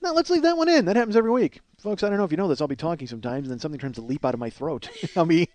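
Male podcast comic, 40s, high-ish voice, rapid crude rambling riffs. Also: a little mellow. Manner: crude, self-mocking, laughs at his own jokes. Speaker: podcast host. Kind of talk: rambling comedic monologue.

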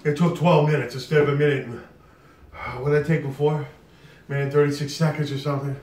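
A man's voice: a little high, flat delivery, fast, darkish tone, slight background noise. Guy doing a spicy food challenge vlog, out of breath and bragging, echoey room, mic kinda far. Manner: strained and breathless after eating hot food, boastful. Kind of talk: casual talk to camera.

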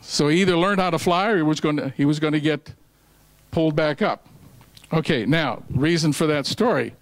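A man's voice: on the high side, normal speed, dry recording, low-quality recording. A man preaching a sermon at a ministry meeting, telling a folksy story and quoting scripture, with restarts along the way. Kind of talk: sermon with a joke told along the way.

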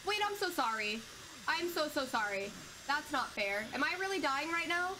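A woman's voice: high voice, very animated, normal speed, noisy background. A young woman streaming a horror game live, who screams, swears and jokes her way through the scares.

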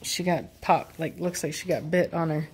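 Woman dog breeder, casual home vlog narration, slightly low pitch, amused and chatty. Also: normal speed, a little mellow, breathy edge. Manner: chatty, amused, laughs often. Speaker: dog breeder filming her dogs. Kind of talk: casual running commentary. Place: home with dogs playing nearby.

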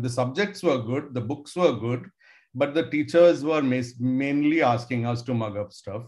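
A man's voice: mid-range voice, darkish tone. Older man, professor type, rambling and anecdotal with ums and uhs. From India. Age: 60s. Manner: conversational, musing, with hedging fillers. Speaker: professor giving a talk. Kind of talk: storytelling lecture to students.

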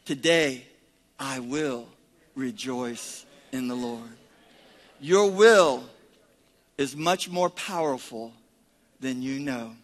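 A man preaching as pastor, leading a congregation in call-and-response and swinging between shouted praise and quiet prayer. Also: mid-range voice, very slow, pauses often. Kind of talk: sermon.

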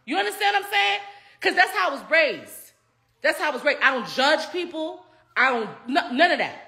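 A woman in her thirties, a reality TV cast member, chatting casually in an interview at a restaurant table, animated, swearing freely and laughing often. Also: high voice. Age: 30s.

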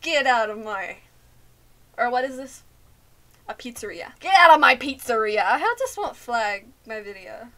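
A woman's voice: fairly high pitch, big pitch swings, moderate pace, pushed and bright. A young woman playing a horror game on her channel, nervous and scared, repeating herself with shaky laughs, saying she feels lightheaded. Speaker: gaming YouTuber. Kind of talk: let's play commentary.

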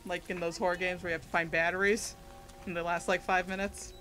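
A woman's voice: on the low side, level tone, a little fast, sharp tone, soft background music. A woman co-hosting a casual let's play, chatting about the game with dry, sarcastic jokes. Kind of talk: casual gameplay commentary.

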